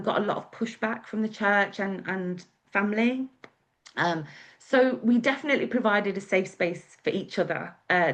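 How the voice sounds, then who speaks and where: A woman with an English accent, telling her life story as a guest speaker in a chatty, meandering way with many fillers. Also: mid-range voice. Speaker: guest speaker, wedding celebrant. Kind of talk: casual storytelling talk.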